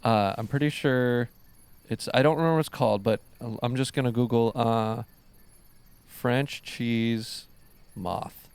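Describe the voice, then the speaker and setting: A man's voice: medium pitch, steady tone, measured pace, vocal fry, a little mellow, clean tone. A man hosting a podcast, chatting loosely and rambling, swearing casually. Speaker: podcast host. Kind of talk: casual chat.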